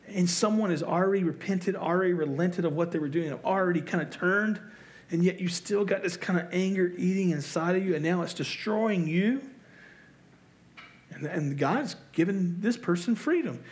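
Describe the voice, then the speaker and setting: Conversational male pastor preaching. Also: sits high. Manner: conversational, self-deprecating, asks the audience rhetorical questions. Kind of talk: sermon.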